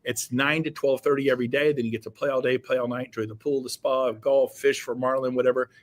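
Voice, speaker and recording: A man speaking as a podcast guest, giving a fiery motivational talk that bursts into shouts. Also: mid-range voice, steady tone, fast talker. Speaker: guest, real estate coach.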